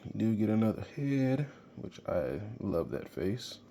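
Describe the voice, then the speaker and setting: Deep-voiced man, excitable toy reviewer, rambling, faint room hum behind. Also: unhurried, vocal fry. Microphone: handheld camera mic.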